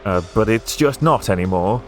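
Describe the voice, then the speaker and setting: A man's voice: fairly low pitch, lively intonation, moderate pace, faint music behind. A young man with a posh British accent, chatting casually and rambling with fillers while he plays through a racing game on stream. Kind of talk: casual gameplay stream chat.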